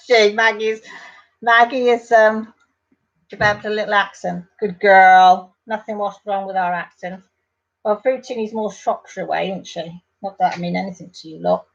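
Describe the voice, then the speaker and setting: A woman's voice: mid-range voice, steady tone, moderate pace, gravelly, fairly bright tone, lo-fi sound. An English woman hosting a casual live stream, chatting and reading out viewer comments in a rambling, affectionate way.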